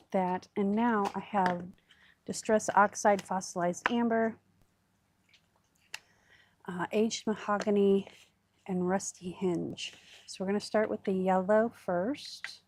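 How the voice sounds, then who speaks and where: A woman's voice: medium pitch, darkish tone. A woman hosting a crafting livestream, chatting casually and thinking aloud with fillers as she works.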